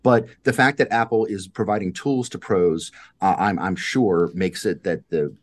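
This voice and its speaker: A man's voice: low-pitched, normal speed. Middle-aged man, easygoing podcast co-host. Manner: relaxed, conversational, many "you know" fillers. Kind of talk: casual chat.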